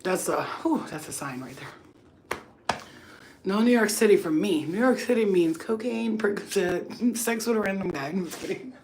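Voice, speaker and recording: A woman's voice: mid-range voice, normal speed, noisy background. A woman hosting a live stream in casual chat, blunt and profane, laughing often. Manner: acts out quoted people in lively voices. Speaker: live-stream host doing readings.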